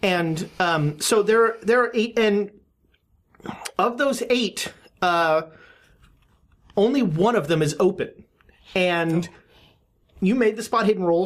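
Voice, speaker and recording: A woman's voice: fairly low pitch, slow pace, long pauses. A woman narrating as game master for a tabletop horror game, talking in a chatty way with fillers and restarts.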